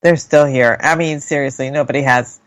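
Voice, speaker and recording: A man's voice: mid-range voice, fairly even intonation, moderate pace, fairly bright tone, rough recording. A man co-hosting a casual radio talk show, agreeable and wry, chuckling as he chats. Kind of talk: casual chat.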